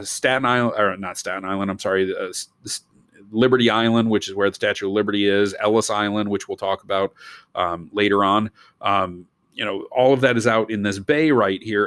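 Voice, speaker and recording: Male teacher, low voice, dry close sound, chatty lecturing full of asides. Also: a bit bright, dry recording. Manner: rambling, digressive asides. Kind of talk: recorded history lecture.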